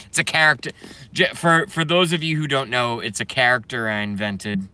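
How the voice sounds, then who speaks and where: A man's voice: medium pitch, steady tone, moderate pace, bright, forceful tone, clear, resonant tone. A young man ranting brashly and profanely on a live stream while reading viewer comments.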